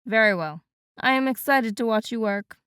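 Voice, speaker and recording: A stern male sous chef with a French accent, deep and formal, clipping each challenge with cold precision, as a woman reads him. The voice is clear and smooth, recorded close and dry. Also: normal speed, a bit bright, no echo, lightly acted. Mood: stern, challenging. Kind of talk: audiobook character voice.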